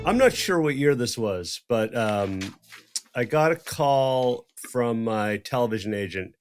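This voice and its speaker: A man's voice: mid-range voice, unhurried, over music. A middle-aged man, a podcast co-host, telling a story in casual chat, swearing freely and acting out the dialogue. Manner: profane, animated, acts out quoted dialogue.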